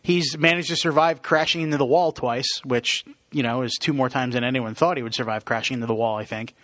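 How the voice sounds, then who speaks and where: A man's voice: medium pitch, a little fast, fairly bright tone, no echo. A man co-hosting a casual sports podcast, rattling off player stats and chuckling at himself. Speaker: podcast co-host.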